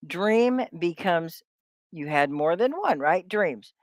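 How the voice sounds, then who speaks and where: Lady teaching english online, voice jumps all over, slow and drawn out, dry close sound. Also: lowish voice, lively intonation, no room sound. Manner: stretches out sounds to model them, chatty asides. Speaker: ESL teacher. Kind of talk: live-streamed English lesson.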